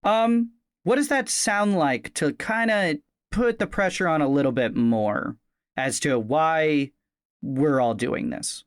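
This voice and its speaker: A man running a tabletop role-playing game as game master, explaining the rules in a relaxed way with plenty of fillers. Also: a little high, takes it slowly, clean tone, no room sound, studio quality.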